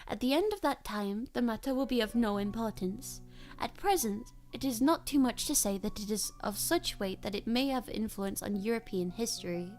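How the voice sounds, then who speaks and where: Woman as a guarded storybook nobleman, formal, measured, a little high. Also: animated, darkish tone, soft background music, close to an everyday voice. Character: imposing masked male nobleman, formal and guarded.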